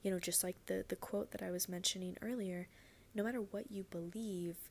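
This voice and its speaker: A woman's voice: medium pitch, fairly even intonation, brisk, slight background noise. A woman hosting a solo podcast from her bed, talking casually and earnestly, rambling with lots of "like" and "you know" and the odd swear word. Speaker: podcast host.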